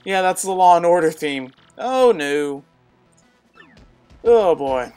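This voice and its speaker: A woman's voice: lowish voice, lively intonation, slow, darkish tone, smooth, faint music behind. A woman casually commenting on a game walkthrough in a chatty, wry, self-mocking way. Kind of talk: casual let's-play commentary.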